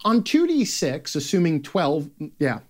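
A man reading his own game design column aloud as a rant, sarcastic and profane, lurching between loud outbursts and muttered asides. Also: on the high side, big pitch swings, measured pace. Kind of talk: ranting read-aloud of a written column.

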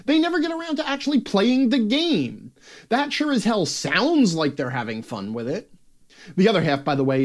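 Sarcastic, ranting man with a lively voice. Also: on the high side. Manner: sarcastic, profane, swinging between exasperated outbursts and mutters. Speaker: game design columnist reading his column aloud. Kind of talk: ranting read-aloud of a written column.

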